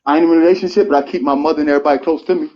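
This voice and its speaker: Man, thirty, on a live stream, earnest and heated, slightly high voice, dull lo-fi audio. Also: steady tone, racing. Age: 30s. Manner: earnest, rising to heated and pleading. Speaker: guest speaker on a live stream. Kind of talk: emotional live-stream monologue.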